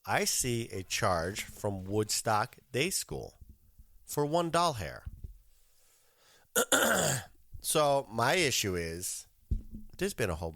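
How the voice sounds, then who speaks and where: A man's voice: mid-range voice, vocal fry, a bit bright, dry recording, clean studio sound. A man hosting a podcast, telling an annoyed story in a casual, profane rant and acting out both sides of his phone calls. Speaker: podcast host.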